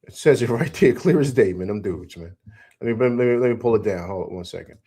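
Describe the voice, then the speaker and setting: A middle-aged man with a lowish, breathy-edged voice talks fairly quickly on his live postgame sports show. He reads viewers' chat comments aloud and responds emphatically and animatedly, repeating himself along the way.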